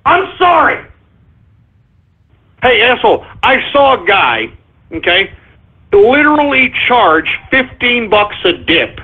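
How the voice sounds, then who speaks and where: A man hosting a talk radio show, ranting angrily with shouting and profanity. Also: very high voice, sing-song, slow pace, pauses often. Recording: tinny phone-like lo-fi.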